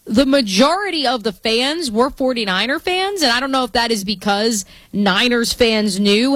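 A woman's voice: on the high side, lively intonation, moderate pace, few pauses, fairly bright tone, no room sound. Chatty woman co-hosting sports radio. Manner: chatty, playful, trying out accents. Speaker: radio show co-host. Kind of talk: casual sports radio banter.

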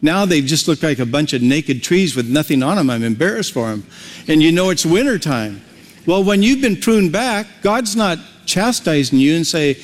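Pastor, male, slightly high voice, relaxed folksy sermon delivery, hall reverb. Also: normal speed. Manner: folksy, conversational preaching with homely examples.

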